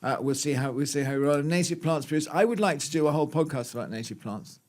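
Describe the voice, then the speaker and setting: A man's voice: a little high, lively intonation, quick pace, darkish tone. A man co-hosting a gardening podcast, chatting casually with jokes and stumbling restarts. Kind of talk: casual chat.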